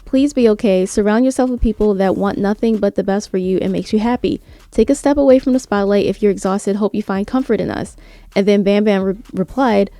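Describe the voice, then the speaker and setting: An earnest woman speaks conversationally to her viewers, full of "like" and quick restarts. Her voice is mellow and relaxed, recorded close and dry with no room sound. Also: mid-range voice, no echo. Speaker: vlogger. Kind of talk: casual commentary vlog.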